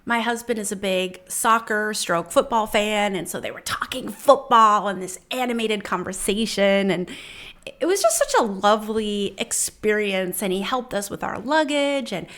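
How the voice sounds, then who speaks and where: A woman's voice: mid-range voice, lively intonation, moderate pace, fairly bright tone. A woman in her forties telling a personal story to her viewers in a chatty, enthusiastic and heartfelt way. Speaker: vlogger.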